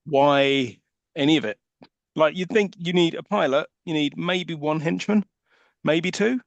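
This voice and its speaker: Male co-host, sarcastic film chat, slightly high voice, dry close sound. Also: measured pace, gravelly, no room sound. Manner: wry, sarcastic ranting. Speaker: podcast co-host. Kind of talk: casual film review chat.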